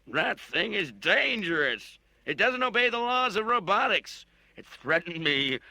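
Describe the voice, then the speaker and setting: A man's voice: fairly high pitch, measured pace, bright, forceful tone, no echo. A man voicing a sneering, blustering male shopkeeper in an audiobook reading. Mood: panicked. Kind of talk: audiobook narration with character voices.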